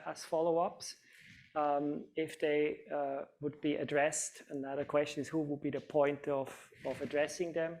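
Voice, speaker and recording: A man's voice: fairly high pitch, a little hiss or hum. A man moderating a panel discussion, hesitant with many fillers as he hands out questions.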